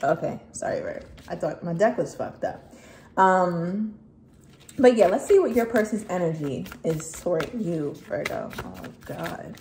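A woman's voice: on the low side, expressive, unhurried, darkish tone. A woman giving a casual tarot reading straight to the viewer, blunt and swearing freely as she talks. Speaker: tarot reader. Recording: echoey room with faint noise.

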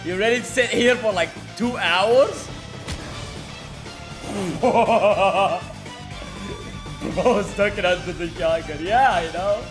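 A young man streaming a video game, excitable and swearing, laughing often as he comments casually. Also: sits high, very slow, long pauses, over music.

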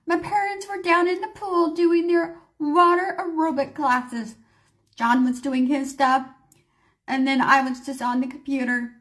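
High-pitched woman in her forties, animated storytime vlogger who acts out the voices in her story. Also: a little slow. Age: 40s. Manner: animated, acts out her own and others' panicked lines. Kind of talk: casual storytime vlog.

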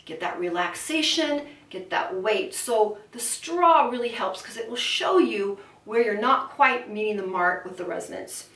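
A woman's voice: medium pitch, expressive, measured pace, few pauses, fairly bright tone. A woman voice teacher giving an upbeat, encouraging singing lesson to camera. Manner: upbeat, encouraging, demonstrates with buzzing. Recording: echoey room from a distance.

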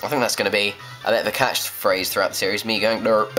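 A man's voice: fairly low pitch, fairly even intonation, fast talker, sharp tone. A young man with a jokey, sarcastic manner, commenting on a video game he plays and reading its dialogue aloud. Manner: jokey, sarcastic asides, puts on silly voices. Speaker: let's play host. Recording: faint game music behind.

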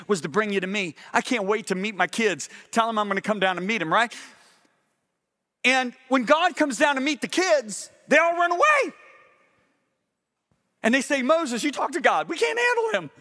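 High, bright-voiced animated male preacher. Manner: animated storytelling preacher, swings between loud exclamations and low intense emphasis. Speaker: pastor. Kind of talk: sermon.

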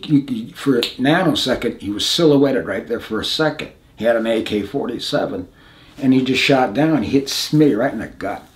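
A man in his seventies from the United States, telling war memories in an interview in a halting, plain-spoken way, often restarting, his voice going hushed at grim moments. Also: mid-range voice. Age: 70s. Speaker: veteran interviewee. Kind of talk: recounting combat memories in an interview.

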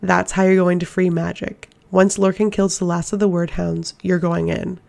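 A woman's voice: fairly low pitch, little pitch movement, normal speed, creaky, darkish tone. A woman voicing a stern male Fae warrior prince with a curt, dry way of speaking, in an audiobook. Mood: grim amusement.

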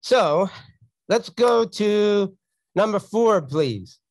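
A man's voice: high voice, lively intonation, drawn-out words, dry recording. Blunt, sarcastic man. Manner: blunt, storytelling, sarcastic asides. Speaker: real estate investor teaching from his deals. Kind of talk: casual teaching talk over slides.

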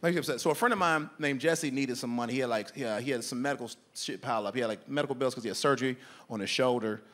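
A man performing stand-up on a club stage, telling a story in an animated way and acting out both sides of an argument. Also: mid-range voice, rapid-fire. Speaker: stand-up comedian. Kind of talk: stand-up routine.

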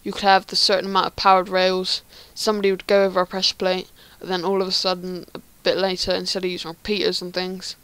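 A woman with a fairly low voice talks through a game tutorial. She rambles, restarts, and fills pauses with plenty of ums. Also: monotone, a bit bright, clean tone, dry recording. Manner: rambling, hesitant, many ums. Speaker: Minecraft tutorial creator. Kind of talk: casual gameplay tutorial.

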